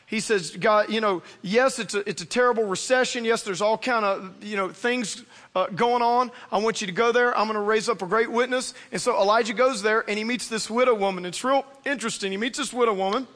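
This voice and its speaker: A male pastor delivers a lively sermon, slipping into voices as he retells a Bible story. His voice sits unusually high for a man. The sound carries a long, ringing reverb from a large church hall. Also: a little fast. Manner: animated preaching, acts out biblical characters.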